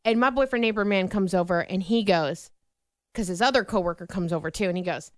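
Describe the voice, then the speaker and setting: A woman co-hosting a radio show, telling a story in a lively, self-mocking way. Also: mid-range voice, fairly quick, no echo, studio quality. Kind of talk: casual chat and storytelling.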